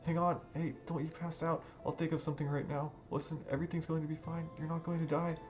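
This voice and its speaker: A man's voice: a little high, little pitch movement, quick pace, darkish tone, pitched above the performer's own voice, close to an everyday voice. A man voicing a panicked, grieving young man with raised, pleading outbursts over background music. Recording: music playing underneath.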